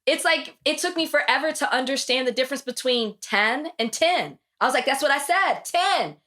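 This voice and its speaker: A woman's voice: high-pitched, fast, bright, forceful tone. A woman with a Southern US accent hosting a podcast in casual chat, restarting sentences and laughing often. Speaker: podcast host.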